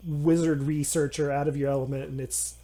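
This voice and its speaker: Male game master, halting delivery, slightly high pitch. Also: flat delivery, mellow. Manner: halting, with many fillers and restarts. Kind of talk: narrating a tabletop game.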